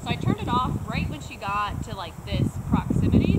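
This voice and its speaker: A woman's voice: a little high, sing-song, fairly quick, heavy background noise. A woman dog trainer casually explaining her method outdoors, chatting as she works. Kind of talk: casual instructional talk. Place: outdoors, quiet snowy open area.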